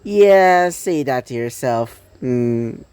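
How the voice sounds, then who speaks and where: A man's voice: mid-range voice, animated, takes it slowly, darkish tone, smooth, dry recording. A man voicing a mischievous young female ninja who teases smugly. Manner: teasing, smug.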